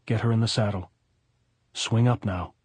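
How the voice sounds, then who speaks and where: A man reading the part of a calm, resolute wounded American man who speaks firmly and gently. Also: lowish voice, normal speed, slightly rough, no echo. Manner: calm and firm, gently commanding.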